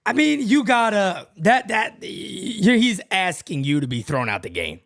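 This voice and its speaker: Animated man ranting on a sports show. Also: a little slow, gravelly, few pauses, no room sound, clean studio sound. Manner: animated, profane, swings between loud and low asides. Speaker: podcast host. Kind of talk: casual sports talk rant.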